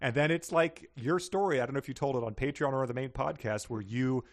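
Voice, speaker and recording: Male co-host, average pitch, dry close sound, wry and amused. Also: fairly quick, no room sound. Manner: wry, laughing, reads quotes aloud. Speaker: podcast co-host. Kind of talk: comedic book discussion.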